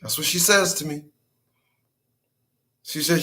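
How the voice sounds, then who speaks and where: A man with a notably high voice rants on his livestream, loose and profane. He repeats his points for emphasis and breaks into laughter between them. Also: takes it slowly, bright, forceful tone. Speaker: channel host. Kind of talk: casual livestream rant.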